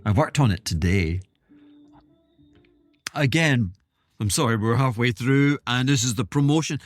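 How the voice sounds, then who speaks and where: A man's voice: medium pitch, slow pace, long pauses, dry recording. A man hosting his own podcast, talking in a rambling, self-interrupting way with wry asides. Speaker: podcast host. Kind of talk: casual solo monologue.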